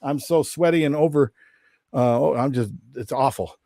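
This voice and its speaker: Animated storytelling man, dry close sound. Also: moderate pace, no echo. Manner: animated, jumps into high mocking voices when quoting. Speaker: podcast guest. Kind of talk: casual storytelling. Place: Minnesota-based.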